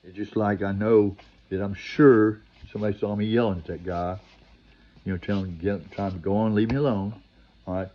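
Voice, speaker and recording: An older man talks to his viewers in a loose, meandering way, stopping and restarting and filling gaps with "you know." His voice sits low, and he slips into preachy advice. The recording sounds dull and lo-fi. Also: fairly even intonation, a little fast. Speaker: vlogger. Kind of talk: rambling monologue to camera.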